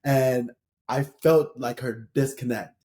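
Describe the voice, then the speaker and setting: A man's voice: mid-range voice, steady tone, slow pace, mellow. A middle-aged man from St. Paul, a podcast guest telling personal stories in a casual, rambling way with lots of "you know" and laughter. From St. Paul, Minnesota, USA. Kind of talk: casual interview storytelling.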